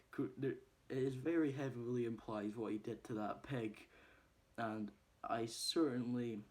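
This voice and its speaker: A man's voice: mid-range voice, darkish tone. A man casually recapping a film's plot in a rambling way, with many ums and uhs. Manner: rambling, many ums and uhs, laughs while retelling scenes. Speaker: movie reviewer.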